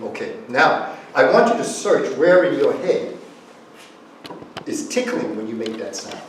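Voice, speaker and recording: A man's voice: mid-range voice, big pitch swings, measured pace, a little hiss or hum. A man lecturing a live audience, acting out example phrases and coaxing them to join in. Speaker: guest speaker. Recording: echoey room, far from the mic.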